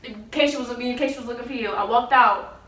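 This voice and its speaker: High, bright-voiced woman telling a story. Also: fast. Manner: animated storytelling, laughing through tears. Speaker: one of the sisters in a family talk. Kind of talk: casual emotional family conversation. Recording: roomy sound from a distance.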